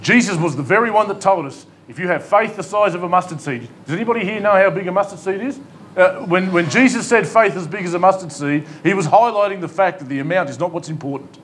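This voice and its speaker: Quick-paced and fairly bright in tone, this high male voice belongs to an Australian pastor giving a sermon in a church hall. He's emphatic and pleading, using humor and rhetorical questions, and there's a little hiss or hum.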